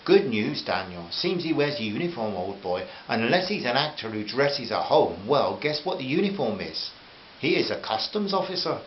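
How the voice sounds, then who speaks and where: A man voicing a posh, excitable upper-class English gentleman, clipped and jovial, in a dull, roomy recording with hiss. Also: mid-range voice, normal speed, close to an everyday voice. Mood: gleeful.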